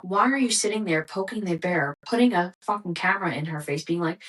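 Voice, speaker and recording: A young woman hosts a podcast and rants in a loose, profane, exasperated monologue. Her voice sits a little low for a woman, and she talks casually with a lot of fillers. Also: animated, a little fast, hardly any pauses, a bit bright, rough recording. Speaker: podcast host.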